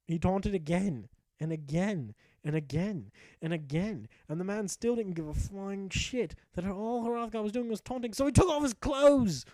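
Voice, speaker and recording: A man's voice: sits high, warm tone, dry recording. A young man giving profane, mock-epic narrated commentary over a game he plays. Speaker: gaming commentator. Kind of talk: comic narrated gameplay commentary.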